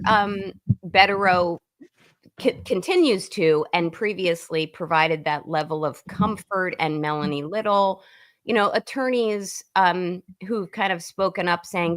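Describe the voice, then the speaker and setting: A woman's voice: on the low side, a little slow, fairly bright tone. A woman lawyer joining a livestream as a guest by video call, talking in a chatty way and often restarting her sentences. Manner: chatty, thinks aloud with many restarts. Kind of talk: casual livestream chat.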